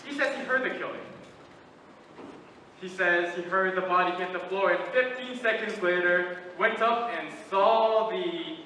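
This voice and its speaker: Brief: teen guy as a patient reasoning juror, bright high voice, long hall echo from afar. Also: a little slow. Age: late teens. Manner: methodical, reasoning aloud, some restarts. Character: calm, persistent male juror reasoning. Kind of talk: stage play performance. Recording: echoey hall from far off, light noise.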